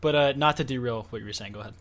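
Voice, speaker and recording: A man's voice: mid-range voice, very fast, fairly bright tone. A man co-hosting a podcast, joining in with joking, teasing banter. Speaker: podcast co-host. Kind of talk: casual podcast chat.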